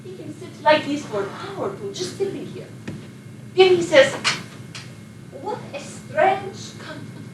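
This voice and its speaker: An actress playing a sleepless Polish émigré actress who rambles and confides, with a Polish accent, recorded from a distance in an echoey room with noise behind. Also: female voice, extremely high pitch, a little slow, pauses often. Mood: chatty. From Poland. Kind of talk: film monologue.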